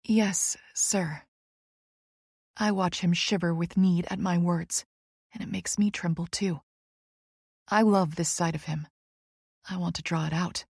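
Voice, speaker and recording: Woman reading a romance audiobook, low and husky, slow and breathy, intimate. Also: fairly even intonation, a little mellow, no room sound, clean studio sound. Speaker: audiobook narrator. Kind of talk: first-person romance narration.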